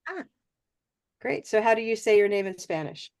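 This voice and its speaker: A woman's voice: mid-range voice, animated, moderate pace. Encouraging woman teaching pronunciation online. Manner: encouraging, asks "okay?" often. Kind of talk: live online class.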